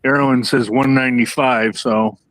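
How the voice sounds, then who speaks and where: An easygoing man calls into a live stream from outdoors. His voice is dry and close, with no room echo. His pitch sits in an ordinary middle range for a man. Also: fairly even intonation, fairly quick, a bit bright. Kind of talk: casual chat. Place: outdoors beside a smoker.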